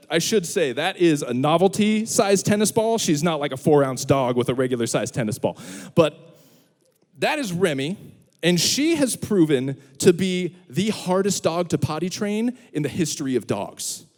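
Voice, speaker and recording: This young man talks at a normal speed with a fairly high pitch, preaching a humorous sermon as a student pastor. Long hall reverb surrounds his lively storytelling, in which he acts out the voices.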